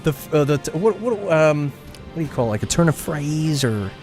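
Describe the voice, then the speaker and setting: A man's voice: fairly high pitch, big pitch swings, moderate pace, a little mellow, faint music behind. A man streaming a video game, rambling casually and chuckling as he acts out silly character lines. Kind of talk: casual gameplay commentary.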